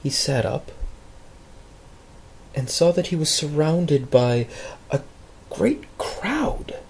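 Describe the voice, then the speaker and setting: A man's voice: slow pace, gravelly, slight background noise. A male pastor telling a Bible story dramatically in a sermon. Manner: dramatic, expressive storytelling with big pitch swings.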